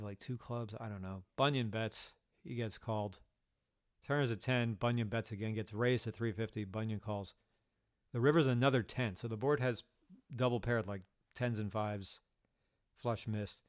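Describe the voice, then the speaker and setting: A man telling poker stories in a casual vlog, swearing often and quick to rant in exasperation. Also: lowish voice. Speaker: poker player.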